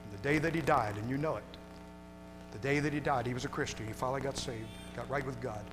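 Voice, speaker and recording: A male pastor preaching a sermon to his congregation, moving from hushed, tender passages to loud shouting. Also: mid-range voice, fast talker. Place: church sanctuary. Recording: long hall reverb with music behind.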